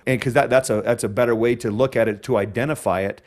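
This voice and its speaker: A man's voice: medium pitch, fairly even intonation, quick pace, darkish tone. A man hosting a podcast interview, a chiropractor who talks in an emotional, rambling way with many restarts.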